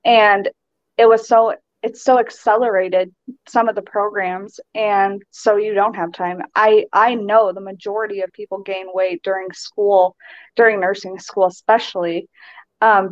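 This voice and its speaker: A woman being interviewed as a guest, telling her story in an animated, chatty way and laughing often. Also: medium pitch, a little slow, dry recording. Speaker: nurse and guest. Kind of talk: casual interview chat. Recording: dull, dry recording.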